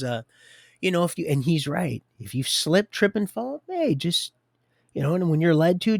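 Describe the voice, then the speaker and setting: Male streamer with a gravelly voice, dry close mic, rambling and laughing, sometimes dropping to a near whisper. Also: on the high side, no echo. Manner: rambling, laughing often, shifting loud and hushed. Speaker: livestream host. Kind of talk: rambling faith talk on a livestream.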